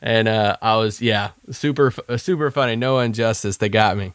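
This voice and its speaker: A man's voice: lowish voice, brisk, clear, resonant tone, no echo, studio quality. A man from Kentucky co-hosting a sports podcast, telling stories in a loose, rambling way. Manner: rambling storyteller, lots of fillers and restarts. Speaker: podcast co-host. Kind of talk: casual sports podcast chat.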